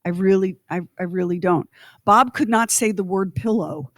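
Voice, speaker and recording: A woman's voice: medium pitch, normal speed, dry recording, clean studio sound. A woman co-hosting a radio show, ranting sarcastically and laughing between lines. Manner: exasperated, sarcastic rant with laughs. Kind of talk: casual radio chat.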